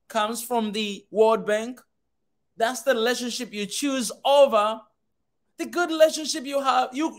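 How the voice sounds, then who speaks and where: A man in his thirties giving an impassioned, preaching speech as host, rising to shouts. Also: extremely high pitch. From Africa. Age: 30s.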